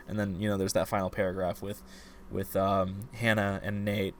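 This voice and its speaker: A low-pitched man co-hosting a casual book podcast. He retells scenes with animated, ranting energy and faint noise behind him. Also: brisk. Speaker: podcast co-host.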